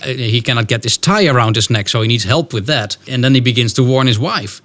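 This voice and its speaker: A man who works as a storytelling coach, giving a podcast writing lesson in an animated way and acting out short scenes. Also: medium pitch, a little fast, few pauses.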